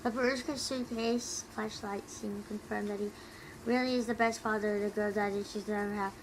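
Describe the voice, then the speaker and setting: A tipsy young woman streamer chatting casually with viewers, talking quietly and rambling with giggles close to her mic. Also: medium pitch, steady tone, moderate pace, a little hiss or hum, rough recording. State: tipsy from drinking. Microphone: close desk mic.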